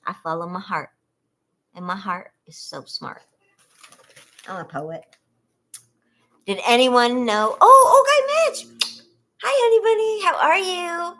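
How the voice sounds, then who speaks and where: A woman's voice: mid-range voice, takes it slowly, long pauses, a bit bright. A woman from California hosting a casual trivia livestream, chatty and giggling often as she reads questions and talks to viewers.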